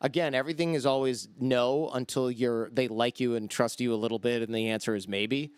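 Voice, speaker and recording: A man with a smooth, resonant voice tells anecdotes on a podcast, slipping into the voices of the people he quotes. His sound is close and dry, with no room behind it. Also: medium pitch, steady tone, brisk, no echo. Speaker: podcast guest. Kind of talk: casual storytelling.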